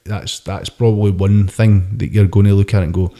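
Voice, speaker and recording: A man, co-hosting a casual sports podcast chat, talking in an animated way and swearing casually. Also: fairly low pitch, normal speed. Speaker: podcast host.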